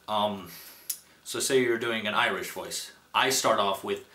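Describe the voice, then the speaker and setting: A man's voice: fairly low pitch, measured pace, pushed and bright. A young man hosting a casual comedic tutorial at home, rambling and self-deprecating, with lots of fillers. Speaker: host. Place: room at home, filming himself. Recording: echoey room.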